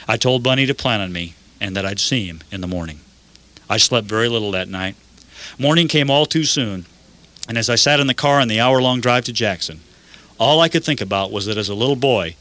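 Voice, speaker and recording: An older man narrating a first-person story in an earnest, measured way. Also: medium pitch, pushed and bright.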